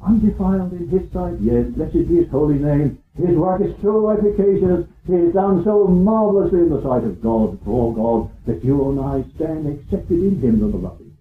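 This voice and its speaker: A man's voice: fairly high pitch, animated, normal speed, hardly any pauses. Earnest man preaching, tinny and echoey. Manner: earnest, repeats phrases, asks rhetorical questions. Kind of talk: sermon. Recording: tinny phone-like sound in an echoey hall.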